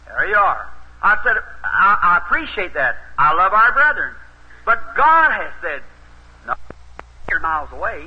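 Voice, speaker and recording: A male preacher telling a story in a sermon, folksy and homespun, rising into emphatic urging. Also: high voice. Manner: folksy, rises to emphatic exhortation. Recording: dull, husky old tape recording.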